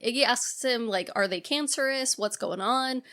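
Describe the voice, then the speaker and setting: A woman with a fairly high voice, co-hosting a podcast and recapping a film. She tells it casually and animatedly, acting out each quoted line. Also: moderate pace. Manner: animated retelling with acted-out quotes and laughter. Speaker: podcast co-host.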